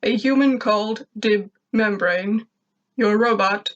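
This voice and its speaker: A woman voicing an obedient computer that reports facts calmly. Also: medium pitch, takes it slowly, muffled recording, close to an everyday voice. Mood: dutiful. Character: obedient ship computer, flat and dutiful.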